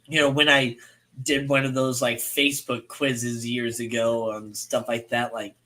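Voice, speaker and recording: A man's voice: mid-range voice, little pitch movement, measured pace, bright, forceful tone. A man in his thirties from St. Louis, Missouri, co-hosting a casual livestream, rambling with many fillers and laughing often. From United States. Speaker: co-host.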